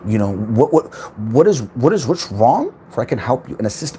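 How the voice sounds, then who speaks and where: In an ordinary middle register with a swooping, animated delivery, this man hosts a spiritual self-help livestream, talking a little fast. There's slight hiss or hum; he rambles, repeats words, restarts sentences and tosses in plenty of swearing.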